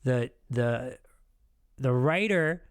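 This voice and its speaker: A man with a Canadian accent hosts a casual podcast chat, wandering through his thoughts and cracking jokes at his own expense. His voice sits at an ordinary middle pitch. It is recorded close and dry, with no room sound. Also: animated, extremely slow, smooth, no echo. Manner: rambling, joking, self-mocking. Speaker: podcast host.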